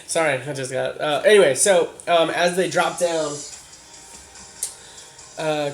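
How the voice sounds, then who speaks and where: A man's voice: on the high side, a little slow, soft background music. A man narrating as game master of a tabletop role-playing game, rambling with many fillers and restarts.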